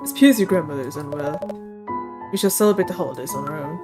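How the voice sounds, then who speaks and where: A woman's voice: sits low, quick pace, pitched below the performer's own voice, close to an everyday voice. Woman voicing a pompous, formal grown son; music behind. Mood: stuffy. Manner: formal and stuffy. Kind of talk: streamer voicing a visual novel.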